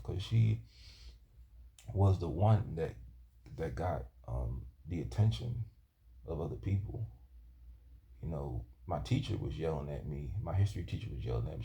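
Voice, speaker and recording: A man with a low, gravelly voice tells a personal story. His tone is dark and mellow. He rambles and stumbles, restarting his sentences as he goes. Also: expressive. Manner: halting, rambling, with many restarts. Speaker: vlogger.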